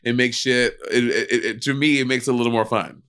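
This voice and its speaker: A man's voice: mid-range voice, steady tone, a little fast, fairly bright tone, clean tone. Blunt, sassy man in casual chat. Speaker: podcast co-host.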